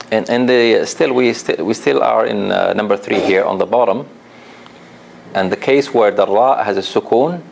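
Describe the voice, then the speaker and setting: A man leads a classroom lesson in a low, gravelly voice. He talks patiently, repeating each example slowly and putting questions to his students. A faint hum sits under the recording. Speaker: Quran recitation teacher.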